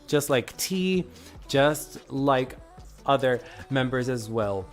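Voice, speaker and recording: Excitable streamer. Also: mid-range voice, slow pace, soft background music. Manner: excitable, gushing, greets viewers by name. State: a little sick. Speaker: live streamer greeting chat. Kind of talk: casual live stream chat.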